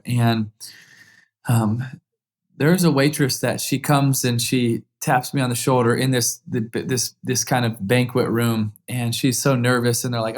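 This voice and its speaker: Earnest man telling a story. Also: mid-range voice. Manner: earnest, warm storytelling with many restarts. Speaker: guest. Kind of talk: storytelling interview answer.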